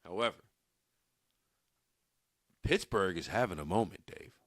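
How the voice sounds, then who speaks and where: Emphatic, forceful male podcast host. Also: sits low, unhurried, no room sound, clean studio sound. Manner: energetic, emphatic, rises loud when riled up. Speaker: sports radio podcast host. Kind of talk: casual sports podcast chat.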